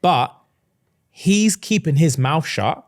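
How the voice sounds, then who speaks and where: A man on a casual podcast, retelling a story with lively acted-out voices for each character. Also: a little high. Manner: animated, acts out characters in quick changing voices. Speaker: podcast co-host.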